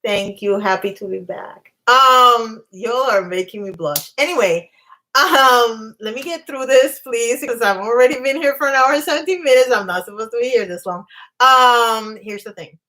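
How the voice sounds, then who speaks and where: A woman's voice: on the high side, normal speed, sharp tone. A woman hosting a casual livestream, talking in a chatty, emphatic way and reacting to her live chat. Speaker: livestream host.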